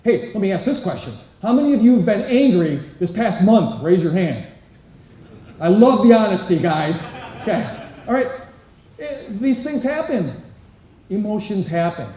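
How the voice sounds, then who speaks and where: A man with a fairly high but mellow voice speaks to a live audience in a large conference hall. He asks the crowd questions and acts out little quotes as he talks. The sound is roomy and distant, as if the mic sits well away from him. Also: lively intonation, normal speed. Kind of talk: inspirational talk to a live audience. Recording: echoey hall, voice picked up from a distance.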